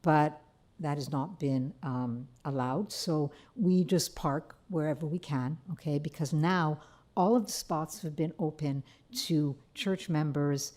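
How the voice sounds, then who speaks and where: A woman's voice: low-pitched, measured pace, darkish tone. An older woman speaking as a resident at a public hearing, rambling and apologetic, often checking in with "okay?", her voice a bit shaky. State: shaky voice, cold and hungry.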